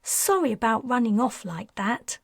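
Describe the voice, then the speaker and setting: A woman reading a calm, matter-of-fact adult woman. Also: fairly high pitch, normal speed, gravelly, no room sound, studio quality.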